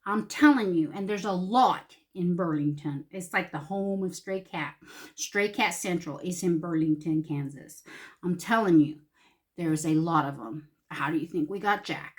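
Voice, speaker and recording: A woman's voice: on the low side, unhurried. Woman vlogger, chatty and salty, tells a story at her makeup desk at home, breaks into laughs. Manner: salty, laughing, animated voices for quotes. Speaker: beauty vlogger. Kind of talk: casual storytelling while doing makeup.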